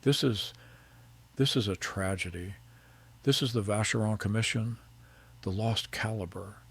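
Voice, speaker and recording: A formal, earnest French auction house chief, as a man puts him on. He speaks with a French accent in a very low, gravelly voice. His tone is courteous and excited. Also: unhurried, heavily acted. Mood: appalled.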